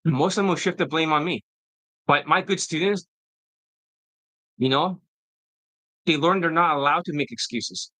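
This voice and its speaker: A man's voice: a little high, moderate pace, long pauses, bright, forceful tone, dry recording, rough recording. A man who works as a dating coach, giving a profane, combative and mocking monologue in a casual style.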